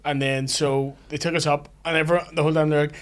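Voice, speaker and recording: A man's voice: on the high side, little pitch movement, clean tone. A man, a comedian guest telling stories dryly in casual podcast chat. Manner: quick, dry storytelling with quoted bits.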